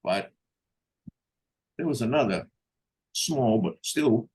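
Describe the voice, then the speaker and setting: A man's voice: medium pitch, lively intonation, slow, a little mellow, husky. An older man telling a personal story in a blunt, profane way, acting out the voices of the people he quotes. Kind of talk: casual storytelling.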